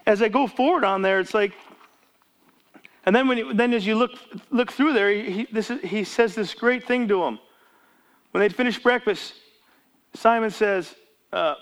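High-voiced rambling male pastor. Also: a bit bright. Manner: casual storytelling preacher, rambling with restarts, acts out Bible dialogue. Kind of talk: sermon.

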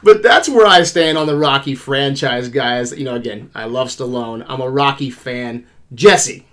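A man in his thirties hosting a casual movie review podcast, animated, swearing casually and laughing often. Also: mid-range voice, unhurried. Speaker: podcast host.

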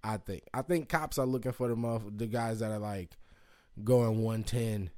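A man from Indiana chatting casually to camera, rambling and swearing, with excited whoops and jumps into a high voice. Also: moderate pace. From Indiana, United States. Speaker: vlogger. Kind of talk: casual chat.

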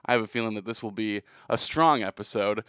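A man's voice: a little fast, clean tone, dry recording. Guy hosting a chatty sports podcast, gets worked up and ranty, voice jumps all over, super dry close mic sound. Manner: animated, ranting with big pitch jumps. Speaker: podcast host. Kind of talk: casual chat.

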